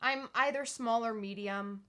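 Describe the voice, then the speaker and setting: A woman's voice: fairly high pitch, unhurried, pushed and bright, smooth. A woman co-hosting a live podcast stream, talking casually in an earnest, reflective way with many restarts and fillers. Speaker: podcast co-host.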